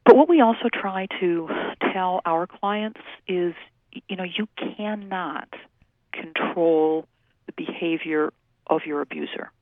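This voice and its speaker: A woman who works in domestic violence services, explaining things in a measured way with many fillers during a phone-in radio interview. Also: lowish voice, no echo. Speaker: domestic violence program staff. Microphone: telephone. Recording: tinny phone line.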